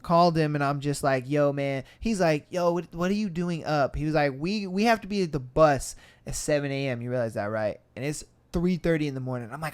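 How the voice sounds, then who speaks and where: Animated storytelling man, high voice. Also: a little fast. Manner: animated, acts out quotes with shifting pitch and volume, laughs and swears often. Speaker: podcast host. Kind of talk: casual storytelling.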